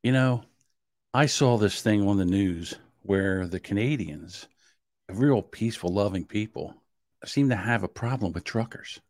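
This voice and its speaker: A man's voice: on the low side, a little slow, a little mellow, no echo, studio quality. A man co-hosting a podcast, teasing his partner with sarcastic jokes in casual chat. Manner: teasing, sarcastic, laughs often. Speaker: podcast co-host.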